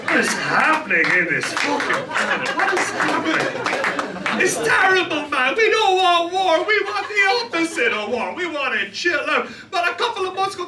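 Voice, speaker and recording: A man doing stand-up comedy on a club stage, animated and laughing as he works the crowd. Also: very high-pitched. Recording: echoey room, distant, noisy.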